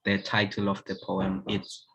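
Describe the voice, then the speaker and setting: A man's voice: medium pitch, a little slow, fairly bright tone, low-quality recording. A man with a South African accent, a native Xhosa speaker, hosting a book launch over a video call and often repeating words as he searches for them. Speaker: event host and published poet.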